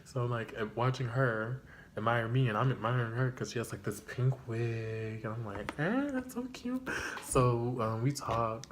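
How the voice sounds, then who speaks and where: A young man telling a casual storytime vlog, slangy and full of fillers, leaping into a high excited voice when he quotes himself. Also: moderate pace, slight background noise. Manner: animated, jumps to high excited pitch when quoting himself; loose slangy chat with many fillers. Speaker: storyteller vlogger.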